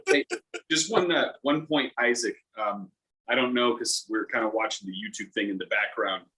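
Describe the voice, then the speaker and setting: A man breaking into a casual chat with a polite, soft-spoken request. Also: lowish voice, moderate pace, slightly rough, rough recording.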